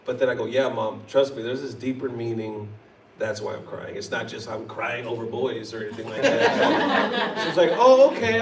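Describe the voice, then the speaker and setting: A man on a convention panel telling stories casually, laughing and acting out quotes. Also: medium pitch. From United States. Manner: animated, laughs often, acts out quotes. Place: convention hall. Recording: roomy hall, mic at a distance.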